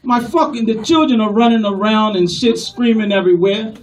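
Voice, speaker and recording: A man's voice: high voice, very animated, normal speed. A comedian voicing a passionate, profane male caller who rambles through a story before getting to his complaint. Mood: exasperated. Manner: long-winded, swearing storyteller. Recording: distant live club recording with crowd noise.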